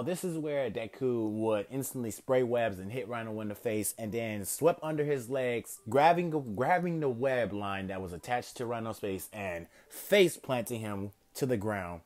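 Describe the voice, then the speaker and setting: A man's voice: on the low side, darkish tone. Male fan storyteller, casual and rambling, self-corrects often. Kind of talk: improvised fan story narration.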